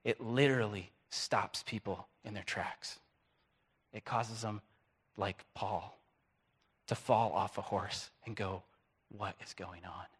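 A male pastor preaching a sermon, animated, swinging between hushed and loud delivery. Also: lowish voice, slow, pauses often, husky.

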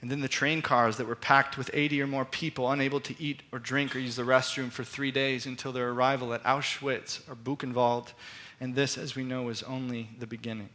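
A man preaching a sermon as pastor, telling a story earnestly and reflectively and slowing down for emphasis. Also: mid-range voice, level tone, sharp tone.

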